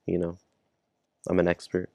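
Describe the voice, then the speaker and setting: A man's voice: sits low, completely flat delivery, normal speed, creaky, a little mellow, no echo, lo-fi sound. A man casually reviewing a manga chapter, laid-back, chuckling and thinking aloud. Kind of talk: casual chapter read-along.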